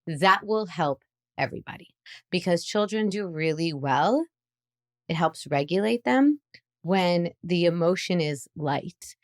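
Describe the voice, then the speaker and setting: A woman, a psychologist guest on a podcast interview, explaining parenting in an animated way. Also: on the low side, no room sound, clean studio sound. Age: adult parent. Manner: animated explainer who acts out playful lines.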